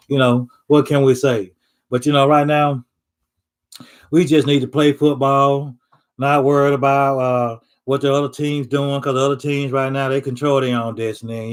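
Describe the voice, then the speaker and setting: A man in a mid-range voice riffing on a casual sports monologue. He rambles, circles back, and leans on fillers. His phrasing is loose and conversational. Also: medium pitch. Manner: rambling, lots of fillers, Southern dialect phrasing. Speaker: sports commentator.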